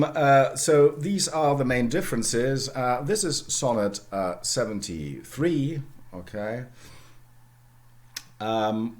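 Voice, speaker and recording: A middle-aged man giving a university lecture, often adding "okay" and "yeah" to check the room. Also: mid-range voice. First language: German. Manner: lively, fond of "okay" and "yeah" tags.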